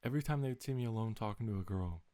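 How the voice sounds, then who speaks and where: A man's voice: fairly low pitch, animated, very fast, dark tone, no echo. A young man in a casual, rambling vlog, retelling a story in an exasperated tone with lots of swearing. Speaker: vlogger.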